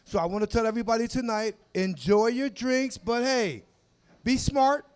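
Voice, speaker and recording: A man in his forties doing a crude, animated stand-up set on a comedy club stage, shouting his punchlines into a handheld mic. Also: very high voice, normal speed, smooth. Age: 40s. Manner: loud, crude, animated storytelling with shouted asides.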